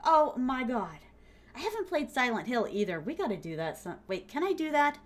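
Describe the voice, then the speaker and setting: With a fairly high voice, big pitch swings and a moderate pace, a young woman chats with viewers during a game stream. She's bubbly and giggly, leans on fillers, squeals now and then, and calls her audience pet names.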